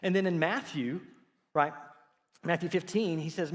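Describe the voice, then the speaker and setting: This middle-aged pastor's fairly high voice moves at a normal speed, broken by long pauses, and carries the big-room sound of a church sanctuary. He preaches through lively stories, acting out each quote.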